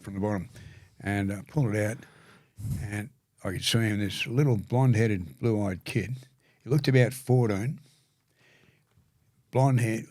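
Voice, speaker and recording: An older Australian man, a podcast guest telling stories in a halting, earnest way, often repeating words. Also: lowish voice, darkish tone, dry recording, studio quality. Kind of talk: storytelling conversation.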